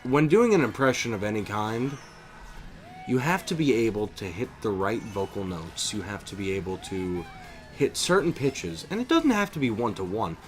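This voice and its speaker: A young man streaming a video game, chatting casually in an animated, opinionated way, with lots of fillers and restarts. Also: lowish voice, normal speed, soft background music. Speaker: streamer and voice impressionist. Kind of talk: casual chat while gaming.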